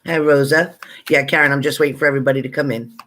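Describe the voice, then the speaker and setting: Bright, chatty man greeting livestream viewers. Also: mid-range voice, fairly even intonation, quick pace, slight background noise. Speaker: livestream psychic reader. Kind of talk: casual live chat with viewers.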